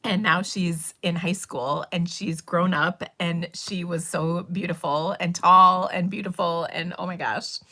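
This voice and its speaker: A woman's voice: fairly low pitch, steady tone, measured pace, few pauses, bright, forceful tone. A middle-aged woman, hosting a live stream and chatting casually, rambling through stories with laughs and fillers. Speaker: livestream host. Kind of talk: casual chat.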